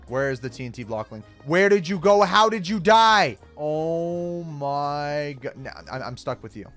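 A young man hosting a Minecraft let's-play, excitable, gasping and shouting at surprises. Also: a little high. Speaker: gaming YouTuber host. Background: faint background music.

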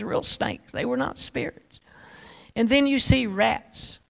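A woman's voice: on the high side, vocal fry. A woman evangelist giving a sermon testimony, rambling and dramatic, with many restarts, and speaking straight to a pastor in the audience.

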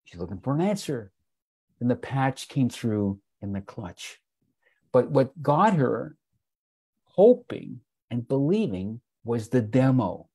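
A man's voice: mid-range voice, sing-song, slow, dark tone, slightly rough. A man on a video call telling a wellness sales story in a folksy way, often calling his listeners "folks" and acting out the people in it. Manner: folksy, repeats "folks", acts out quotes. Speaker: wellness product presenter.

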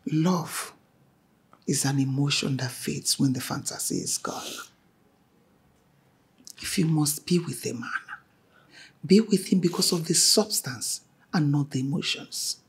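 A woman's voice: deep voice, measured pace, long pauses, husky, heavily acted. An actress with a Nigerian English accent playing a stern, wealthy mother who lectures her daughter about men.

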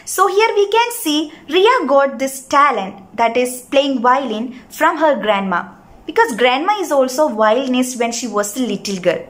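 A woman teacher reads from a children's textbook. She has a fairly high voice and takes her time. After each passage she stops to explain it in simple words and asks the class questions. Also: a bit bright.

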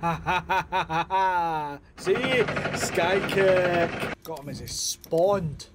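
Jumpy high-voiced man playing a horror game. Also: slow. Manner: jumpy, self-mocking, talks to himself while playing. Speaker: gaming let's-play creator. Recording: loud game noise and sirens behind the voice. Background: loud game sound with sirens.

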